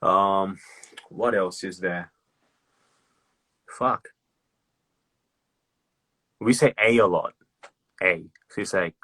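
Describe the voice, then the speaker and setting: Husky low-voiced man chatting casually. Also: steady tone, slow pace, long pauses, sharp tone, no room sound. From Australia. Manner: loose, sweary, acts out slang examples. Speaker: livestream host. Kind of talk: casual chat.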